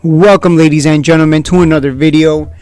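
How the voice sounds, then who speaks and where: Man, high-pitched, excitable, rhetorical questions, casual trading commentary, faint background music. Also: fairly quick. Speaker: stock trading video host.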